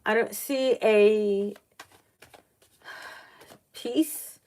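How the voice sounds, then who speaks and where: Slow-talking excitable tarot reader woman. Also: mid-range voice. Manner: halting and excitable, many gasps and "oh my God"; restarts sentences, thinks aloud. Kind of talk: live-streamed tarot reading, chatting with viewers.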